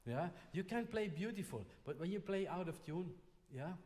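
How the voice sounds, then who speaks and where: Male masterclass teacher with a slightly high voice; patient, encouraging, recorded with long hall reverb. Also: lively intonation, normal speed, darkish tone. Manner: patient, frequently checks in with "yeah?". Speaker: trumpet teacher. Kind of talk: masterclass coaching.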